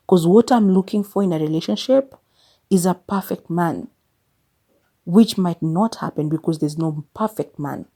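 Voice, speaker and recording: A woman's voice: lowish voice, warm tone. A Kenyan woman in her thirties hosting a podcast, speaking candidly and confessionally about her life, now and then breaking into exasperated emphasis and slipping in Swahili phrases. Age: 30s. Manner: mixes English with Swahili phrases. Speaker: podcast host. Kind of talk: personal reflective monologue.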